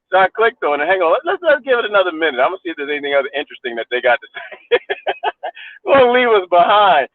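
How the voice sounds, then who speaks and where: High-pitched mocking man ranting. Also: big pitch swings, fast talker, long pauses, no echo. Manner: mocking, laughs often, repeats himself. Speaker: vlogger. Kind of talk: casual rant to camera. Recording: tinny phone-like dry sound.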